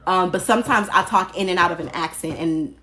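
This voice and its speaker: Woman on a phone live stream, lowish pitch, candid and chatty, fields comments and drops the odd curse. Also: fairly quick, sharp tone. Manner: candid and chatty, reads out and answers viewer comments, occasional swearing. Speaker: spiritual practitioner hosting a live stream.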